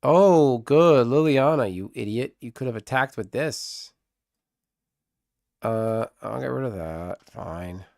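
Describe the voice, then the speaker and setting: A man's voice: medium pitch, expressive, takes it slowly, creaky, a little mellow, no room sound. Dry-voiced man trash-talking through gameplay. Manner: muttering, trash-talking his opponent. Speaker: streamer. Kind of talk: live gameplay commentary.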